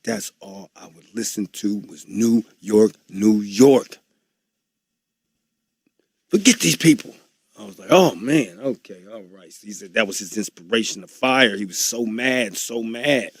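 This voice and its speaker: A man with a low, gravelly voice tells stories in an interview and slips into the voices of the people in them. The recording is dry and close. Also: dry recording. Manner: animated, acts out quoted voices. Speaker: interview guest. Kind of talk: anecdotal storytelling.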